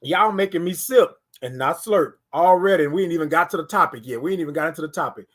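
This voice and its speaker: The host of this casual morning stream talks quickly in a high voice, chatting lively with viewers and reading their comments aloud.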